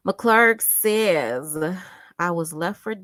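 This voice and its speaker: A woman with a notably low voice hosts a casual live stream, reading viewer comments aloud. She speaks with impassioned emphasis, repeating phrases to drive them home, and at times sinks to a hushed near-whisper. The sound is dry and close, with no room echo. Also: animated, drawn-out words. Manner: drops to a hushed near-whisper when moved. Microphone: home desktop setup with monitor.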